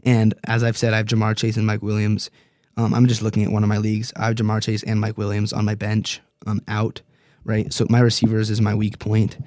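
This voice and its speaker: A young man chats through his podcast in a loose, rambling way, animated and quick to poke fun at himself. His voice is warm and mellow. It is recorded dry and close, with no room sound. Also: on the low side, dry recording. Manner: rambling, animated, self-deprecating. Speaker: podcast host. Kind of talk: casual fantasy football chat.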